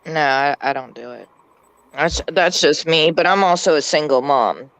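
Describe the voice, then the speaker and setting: A woman's voice: low-pitched, expressive, moderate pace, dry recording, rough recording. A woman in casual chat on a panel, speaking hesitantly and stumbling over how she starts her sentences. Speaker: panel guest.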